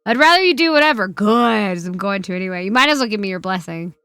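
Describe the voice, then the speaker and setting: A woman's voice: mid-range voice, lively intonation, fast talker, bright, forceful tone, clean tone, no echo, studio quality. A woman streamer in casual live-stream chat, reading viewer questions aloud and answering with profane, teasing banter. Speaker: streamer host.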